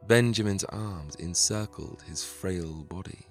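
A man narrating a scripted historical story in a measured, dramatic way. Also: sits low, soft background music.

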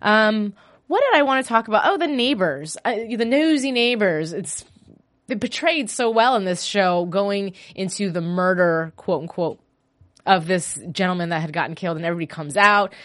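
A woman's voice: medium pitch, normal speed. Chatty woman hosting a fan podcast. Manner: chatty, animated, gushing. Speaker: solo podcast host. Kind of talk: casual fan after-show chat. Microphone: podcast mic.

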